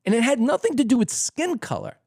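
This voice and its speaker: A man's voice: very high-pitched, sing-song, fairly quick, a little mellow, no echo, studio quality. A man hosting a political commentary show, delivering a heated, emphatic monologue from his desk at home. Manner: emphatic, heated, acts out other people's reactions. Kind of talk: opinionated monologue.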